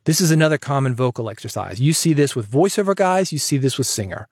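A man hosting a podcast, giving advice in an energetic, chatty way that jokes with the listener. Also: medium pitch, quick pace, breathy edge. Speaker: podcast host and coach.

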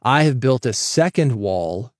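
A podcast host talks a little slowly in an expressive, mid-range voice, giving a casual solo monologue with varied, emphatic delivery. The dry recording comes from a studio microphone in a foam-treated closet studio.

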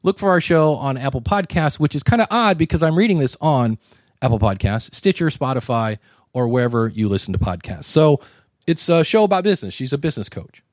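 A man's voice: medium pitch, fairly quick, no echo, studio quality. A man hosting a live conference session, critiquing podcasts in front of an audience with jokes and asides. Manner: animated, joking and wisecracking. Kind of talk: live panel commentary.

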